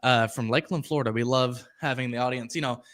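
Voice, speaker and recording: A young man hosts a live sports podcast in a loose, rambling way. He drifts into tangents and reads out viewer comments between his points. His voice is bright and carries well at a middling pitch. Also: steady tone, fast talker. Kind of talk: casual live-stream commentary.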